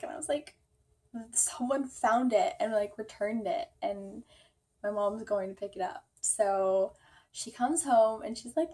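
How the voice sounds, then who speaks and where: Chatty young woman with a mellow voice. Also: a little high, steady tone, measured pace. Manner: chatty, filler-heavy, laughing asides, acting out quotes. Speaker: vlogger. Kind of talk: storytime vlog.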